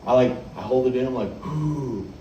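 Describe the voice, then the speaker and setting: A man's voice: medium pitch, fairly even intonation, racing, warm tone, lo-fi sound, slight background noise. Young male comic, rambling and profane, laughs through the bit, mic far off in an echoey room. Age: 20s. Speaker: stand-up comedian. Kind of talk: stand-up storytelling.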